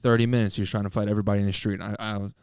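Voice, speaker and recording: A man's voice: lowish voice, little pitch movement, rapid-fire, smooth, no echo, clean studio sound. A man co-hosting a casual podcast, telling a rowdy story with swearing. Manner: rowdy, swearing, shouts quotes. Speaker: podcast co-host.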